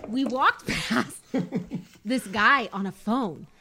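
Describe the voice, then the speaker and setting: Bostonian woman rambling and laughing, bit high voice, noisy mic. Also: extremely slow. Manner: animated, laughs often, tells rambling anecdotes. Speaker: podcast co-host. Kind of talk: casual chat.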